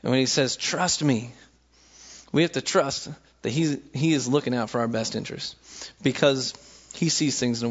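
Gravelly-voiced young man, casual faith talk. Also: medium pitch, muffled recording. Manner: conversational storytelling, acts out quotes with voices. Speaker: speaker sharing faith reflections. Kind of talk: casual sermon-style talk.

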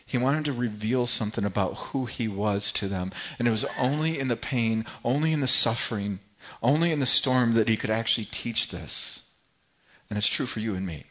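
A man preaching a sermon in an earnest voice, repeating words and phrases as he builds and softens his delivery. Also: lowish voice, lo-fi sound. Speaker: pastor.

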